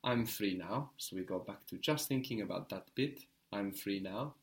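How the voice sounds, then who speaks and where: A man with a fairly low voice teaches a spoken language lesson, patiently prompting his student and slowly repeating each answer.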